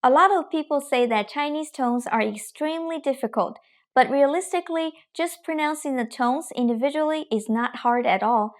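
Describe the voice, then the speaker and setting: With a high voice, a young woman leads a scripted lesson on Mandarin pronunciation. She demonstrates the sounds, speaking in a slow, careful manner.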